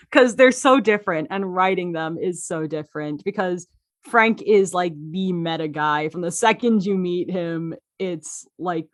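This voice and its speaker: A woman talking as a podcast guest about the characters she writes and voices. She tells stories eagerly, laughs often and uses many fillers. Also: lowish voice. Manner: excitable, animated storytelling. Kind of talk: casual interview chat.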